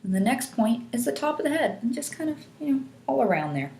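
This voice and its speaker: A woman instructor calmly guiding listeners step by step through a tapping technique, asking them to repeat after her. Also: sits high, fast talker, gravelly. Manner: calm, patient step-by-step guidance. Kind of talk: guided instructional demonstration. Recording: echoey room.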